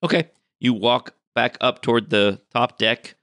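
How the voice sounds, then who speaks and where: A man running a tabletop game as game master, narrating with a wry, relaxed manner. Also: mid-range voice, measured pace, dry recording, studio quality.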